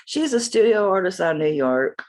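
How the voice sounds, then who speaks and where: A woman's voice: medium pitch, sing-song, normal speed, a little mellow. A woman with a Southern accent, chatting in a folksy, rambling way as she sells jewelry in a casual home vlog. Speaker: jewelry seller. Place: home, morning light.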